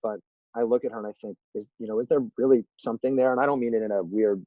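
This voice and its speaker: A man's voice: medium pitch, steady tone, racing, dry recording. A man as a podcast guest in casual interview chat, a rambling, self-deprecating storyteller who acts out quotes. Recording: tinny phone-line sound, dry.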